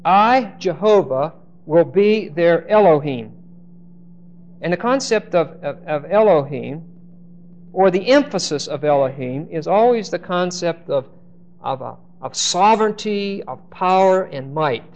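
A male Bible teacher lecturing a class, his somewhat high voice caught on a dull, lo-fi recording. He leans hard on key words, drawing them out slowly, and stumbles through restarts and hesitations between points. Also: animated, darkish tone. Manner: emphatic, slows and stresses key words.

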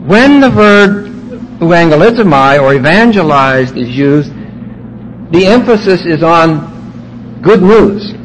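A man's voice: fairly high pitch, expressive, slow pace, slight background noise, low-quality recording. A man teaching a Bible class, walking his students through their notes and stressing key words emphatically.

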